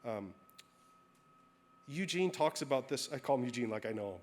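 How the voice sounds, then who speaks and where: A man's voice: mid-range voice, expressive, moderate pace, darkish tone. Man preaching a candid, storytelling sermon. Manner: storytelling, candid and self-deprecating. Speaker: pastor.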